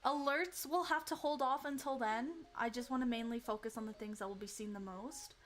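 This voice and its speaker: A young woman streaming casually, excitable and giggly, with lots of fillers and restarts. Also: on the high side, fairly quick, soft background music. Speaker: VTuber streamer. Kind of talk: casual livestream chat.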